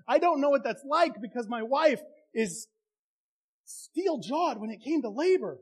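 A pastor delivering a sermon in an unusually high voice for a man. He speaks to his congregation in a plain, conversational way, then presses his points with fervent intensity. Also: expressive, normal speed, slightly rough. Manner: impassioned, conversational preaching.

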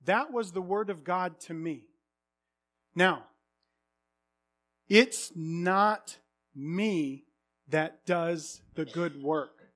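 A man in his thirties preaching a sermon, earnest, swinging from hushed confession to loud exclamations. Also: a little high, extremely slow, pauses often, faint music behind.

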